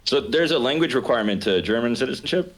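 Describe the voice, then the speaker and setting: A man with a Southern US accent hosting a podcast, asking questions and telling self-deprecating stories in an animated way. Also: mid-range voice, fast talker. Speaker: podcast host. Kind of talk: casual podcast chat.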